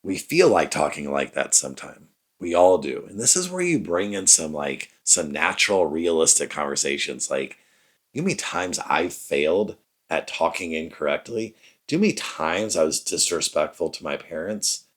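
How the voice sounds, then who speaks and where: A man's voice: rumbling low, expressive, moderate pace. A middle-aged man hosting a podcast, talking about parenting in an earnest, conversational way and speaking straight to the listener. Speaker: podcast host. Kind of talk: reflective parenting talk.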